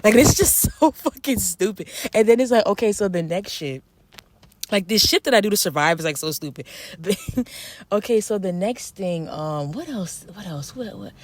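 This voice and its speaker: A woman's voice: mid-range voice, expressive, normal speed. A young woman venting to her camera in a casual, profane rant, full of "like" fillers. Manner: profane, ranting, frequent "like" fillers. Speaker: vlogger.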